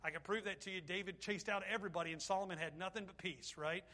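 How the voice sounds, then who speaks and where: A middle-aged male pastor with a high, bright voice preaches a fervent sermon. His delivery is full of feeling and eases into a quieter, softer tone when he prays. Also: fairly even intonation, quick pace. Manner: fervent preaching, then soft prayer.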